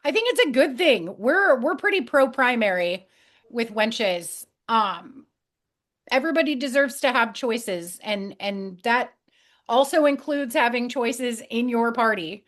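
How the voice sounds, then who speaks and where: Bubbly woman host, slightly high voice. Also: expressive, measured pace, a bit bright. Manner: bubbly, chatty. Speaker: podcast host. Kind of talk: casual interview.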